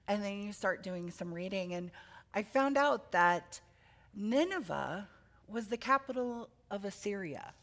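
Woman preacher, children's sermon, gravelly, animated, quizzes the kids. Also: mid-range voice. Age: adult with children. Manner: animated storytelling with questions to children.

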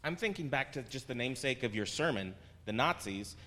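A man's voice: mid-range voice, expressive, a little fast, bright, forceful tone, long reverb tail, a little hiss or hum. A man in a church congregation discussion who reasons aloud in a dry, sarcastic way. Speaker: congregation member. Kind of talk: casual discussion.

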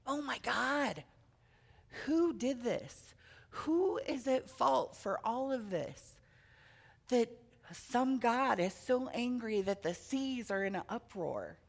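A woman's voice: on the high side, big pitch swings, moderate pace, vocal fry, slightly rough, full character voice. A woman voicing frightened male sailors who cry out in alarm during a storm. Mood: panicked.

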